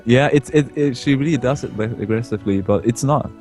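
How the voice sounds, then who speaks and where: A young man from Germany with a German accent, a guest in a casual interview, talking haltingly and laughing often. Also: mid-range voice, a little mellow, faint music behind. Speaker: interview guest, esports caster.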